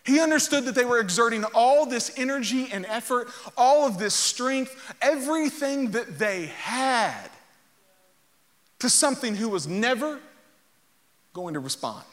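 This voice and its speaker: Bright-voiced preacher man in a reverberant hall. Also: very high-pitched, unhurried. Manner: animated, joking, reads scripture aloud. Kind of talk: sermon.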